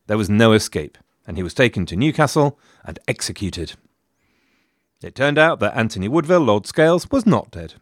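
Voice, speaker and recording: A man delivers scripted history narration, full of dry wit and sarcastic asides. His intonation is lively and animated, and the recording is dry and close-miked. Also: fairly low pitch, normal speed, no echo. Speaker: history podcast host.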